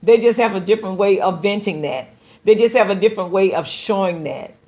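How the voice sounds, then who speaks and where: A woman's voice: medium pitch, brisk, darkish tone. A woman pastor hosting a call-in show, talking to listeners in an earnest, exhorting preaching style and often repeating words as she builds a point. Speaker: pastor and radio show host.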